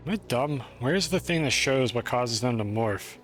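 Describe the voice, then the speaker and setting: Over music, a man from the United States plays a game on stream and rambles casually to his audience, frequently at his own expense. His mid-range voice is animated and keeps a moderate pace.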